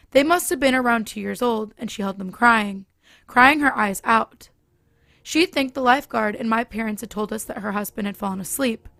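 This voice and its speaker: Woman narrator with a raised, gravelly voice; steady scripted horror read, close and dry. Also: a little high, dry recording.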